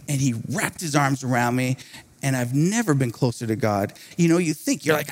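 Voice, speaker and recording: A man preaching a sermon, telling a personal story in an animated way, often laughing between phrases. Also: on the high side, normal speed.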